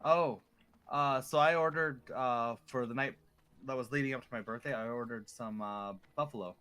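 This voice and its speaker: A smooth, sharp-toned man with a mid-range voice speaks at a moderate pace during casual chat with a friend over an online game. The co-op gamer rambles through stories thick with fillers.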